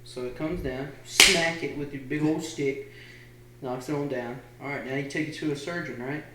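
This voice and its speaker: A young man co-hosting a podcast, spinning absurd stories in a deadpan way. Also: fairly high pitch, normal speed. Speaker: podcast co-host. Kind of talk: casual chat. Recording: echoey room with crowd noise behind.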